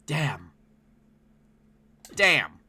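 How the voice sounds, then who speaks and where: Excitable man streaming a game. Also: a little high, very slow, husky, no room sound. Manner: excitable, yelps and shouts at the game; chats to viewers between plays. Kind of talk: live gameplay commentary. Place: home, with his dog in the room.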